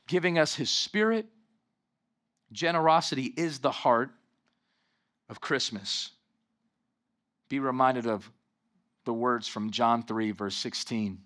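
A man's voice: medium pitch, fairly bright tone. A pastor preaching a sermon, emphatic and calling out to his congregation for responses.

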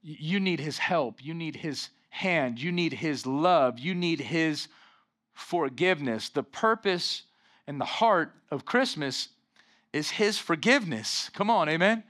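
A young adult man preaching a sermon as pastor, animated and calling out for amens from the congregation. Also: fairly high pitch, a little slow. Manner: animated preaching with call-and-response "amen".

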